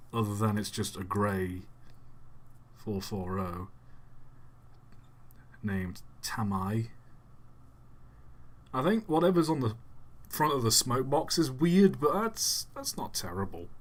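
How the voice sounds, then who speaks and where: A man's voice: medium pitch, a bit bright. A man hosting a live stream in a casual, chatty way, reading out viewers' messages and answering them offhandedly.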